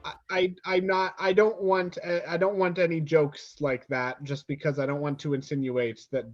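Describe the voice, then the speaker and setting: A man's voice: on the high side, level tone, moderate pace, faint music behind. Hesitant man on lo-fi audio. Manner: hesitant, full of restarts. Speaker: player. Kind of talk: tabletop game play. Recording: dull lo-fi audio.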